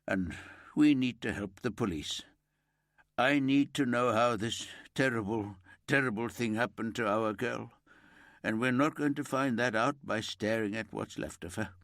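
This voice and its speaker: A man's voice: mid-range voice, a little slow, fairly bright tone, no room sound, studio quality. A man voicing a frail, grieving father who speaks with strained anger. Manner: strained, angry then cracking.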